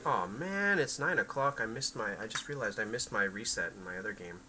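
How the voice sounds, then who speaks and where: A man's voice: on the low side, expressive, fairly quick, over music, low-quality recording. A man chatting casually on a game livestream, rambling to his viewers and his cat. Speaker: game streamer.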